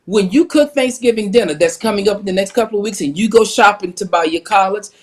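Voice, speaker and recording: A woman's voice: medium pitch, fast, darkish tone. A woman guest on a talk show speaking with an emphatic, preacher-like cadence, firm and comforting, with playful teasing. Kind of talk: casual chat.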